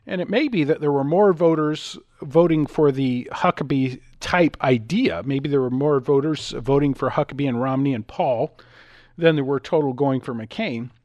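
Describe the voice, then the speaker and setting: The audio is dull but free of echo as a middle-aged radio host talks at normal speed in a mid-range voice. His talk radio monologue weaves in stories, and he brings the voices in them to life.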